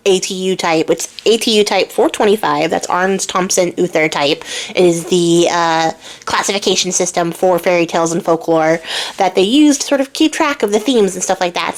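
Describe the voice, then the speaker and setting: A young woman hosting and telling a fairy tale in a chatty, giggly way with many fillers. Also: lowish voice. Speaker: host, storyteller. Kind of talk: casual storytelling.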